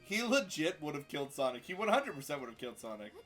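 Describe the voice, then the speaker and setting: Casting note: animated man, bright, pitch swinging up and down, gamer banter over soft music. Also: fast talker. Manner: animated, talks back to the game while playing. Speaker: player on a live game stream. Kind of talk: casual gaming chat.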